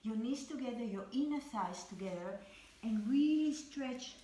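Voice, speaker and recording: A woman guides a Pilates class at home, giving calm, repeated cues for every movement. She talks slowly with a slightly high voice. The room around her is echoey. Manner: calm, repetitive cueing with counts. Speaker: Pilates instructor. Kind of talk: live exercise class instruction.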